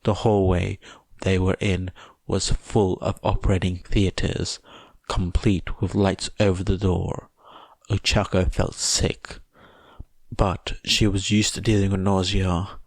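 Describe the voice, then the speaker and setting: A man reading fan fiction aloud as a podfic narrator, in a measured, even way. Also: deep voice, no echo. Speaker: podfic reader.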